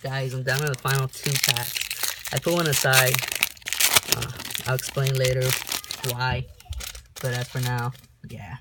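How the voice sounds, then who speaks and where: A young man giving casual unboxing commentary, reading off cards in a slow list broken by sudden high whoops, recorded on a camera mic in a room at home. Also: flat delivery, very noisy. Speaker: card-opening vlogger.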